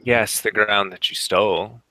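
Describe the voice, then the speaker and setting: A man's voice: lowish voice, fairly even intonation, unhurried, pushed and bright, slight background noise. A man doing a sly, condescending nobleman. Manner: smooth, predatory politeness.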